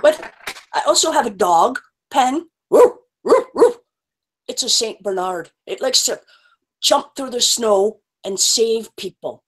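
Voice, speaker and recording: A woman telling stories and reading poems to children in a playful, animated way, with animal sound effects, over a video call. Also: fairly high pitch, unhurried, poor audio. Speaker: children's storyteller.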